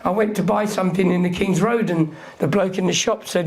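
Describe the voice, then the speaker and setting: A man's voice: high voice, steady tone, a little fast. A man, telling stories as a guest in a live Q&A. He talks brashly and swears a lot, acting out what other people said. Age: 60s. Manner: profane, brash, acts out quotes of other people. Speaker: interview guest, music figure. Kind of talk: live Q&A storytelling.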